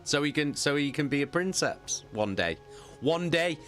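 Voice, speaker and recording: Animated, sweary man. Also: mid-range voice, moderate pace, faint music behind. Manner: animated, sweary, laughs often. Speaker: livestream host reacting to an audiobook. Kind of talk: casual livestream chat.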